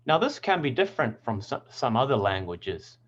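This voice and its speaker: A man teaching English pronunciation in a scripted lesson, speaking clearly and deliberately and stressing example words. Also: medium pitch, very animated, highs cut off.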